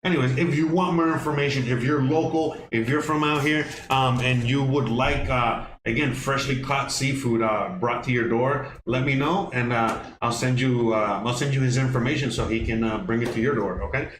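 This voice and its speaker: A man's voice: medium pitch, fairly even intonation, normal speed, few pauses. A man hosting a casual cooking livestream from his home kitchen, rambling with lots of fillers and restarts. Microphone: microphone on kitchen counter setup. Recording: echoey kitchen with background noise.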